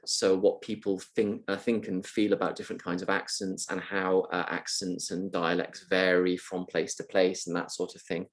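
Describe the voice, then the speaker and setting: A man with a low, gravelly voice answers student questions in an unscripted online session. He pauses often with ums and uhs, thinking aloud as he explains. The sound comes through a computer mic on a video call. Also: level tone. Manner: hesitant, many ums and uhs, thoughtful. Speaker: university lecturer answering questions.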